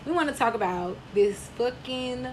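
A woman with a high voice co-hosts a casual chat, crude and outspoken, hammering her points home. A faint hiss runs under the recording. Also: animated, moderate pace. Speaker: podcast co-host.

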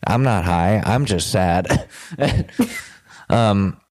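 A man's voice: low voice, very slow. A young man co-hosting a podcast, telling a long story in casual chat, swearing and laughing as he goes. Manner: rambling, swearing storyteller who laughs through his own stories. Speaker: podcast co-host.

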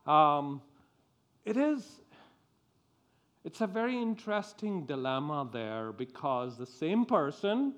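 Male preacher, high voice, unhurried sermon delivery with halting restarts. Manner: slow, with repeated restarts.

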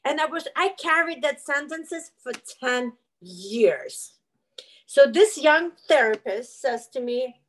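A middle-aged woman with a high-pitched voice speaks as an interview guest. She tells a personal story in an earnest, emotional way and acts out what each person said with real animation. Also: animated, slow, poor audio.

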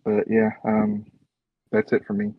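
Low flat-voiced man, muffled sound. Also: measured pace, dry recording. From Oklahoma. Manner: rambling, gropes for words. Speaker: podcast guest. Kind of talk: casual chat.

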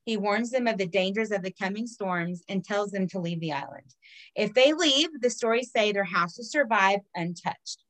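A woman tells local folk legends in a loose, chatty podcast style. She reads a passage and then breaks in with cursing asides. Her voice sits at a middling pitch. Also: moderate pace, rough recording. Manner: swears freely, reads legends then riffs on them. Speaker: podcast co-host telling folklore stories. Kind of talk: casual storytelling chat.

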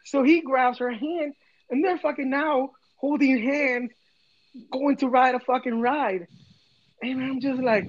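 A man in his thirties telling a story in casual chat, swearing a lot and talking with animated energy. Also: very high voice, measured pace, highs cut off, slight background noise. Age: 30s.

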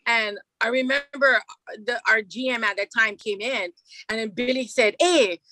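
Woman, middle-aged, bright, slightly high, dry close sound, animated storyteller. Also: moderate pace, no echo. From Hawaii. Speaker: radio morning show host, guest. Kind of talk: casual storytelling chat.

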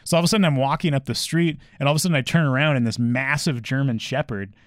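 Fast-talking man telling a rambling story. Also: medium pitch, no echo, clean studio sound. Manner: rambling anecdote with lots of "like" and laughs. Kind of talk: casual chat.

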